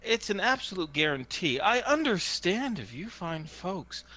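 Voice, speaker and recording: A man voicing a slick male hawker who gives a drawn-out, grandiose sales pitch. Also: very animated, sharp tone, exaggerated voice. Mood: persuasive. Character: slick male toad-fortune hawker, showman.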